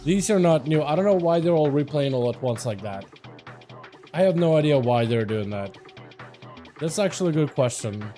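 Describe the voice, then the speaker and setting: A man's voice: on the high side, moderate pace, soft background music. Tired, chatty male streamer. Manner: chatty, laughs often, excitable outbursts. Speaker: game streamer. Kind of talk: casual livestream chat.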